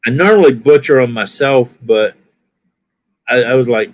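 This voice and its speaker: An older man with a mix of Southern and Californian accents chats casually as a viewer on a live stream, rambling and correcting himself. His voice is mid-range and his speed normal.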